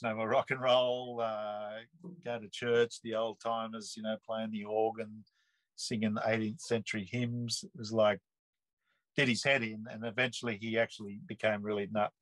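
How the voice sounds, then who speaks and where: A man, telling a personal story in a relaxed, rambling way full of earthy slang and restarts. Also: on the low side, moderate pace, no room sound, low-quality recording. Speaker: interview guest. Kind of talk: casual storytelling.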